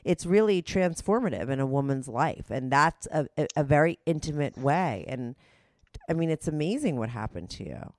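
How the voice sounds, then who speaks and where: Woman podcast host, low-ish voice, dry close sound, asks gentle probing questions. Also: animated, normal speed, no echo. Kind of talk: casual chat and read sponsor ad.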